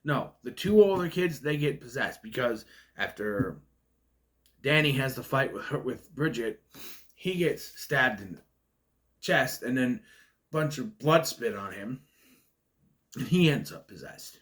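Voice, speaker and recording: A man's voice: mid-range voice, expressive, measured pace, pauses often. A man giving a casual spoken film review in a ranting, nitpicky way, with a stutter that makes him stall on words. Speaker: movie reviewer.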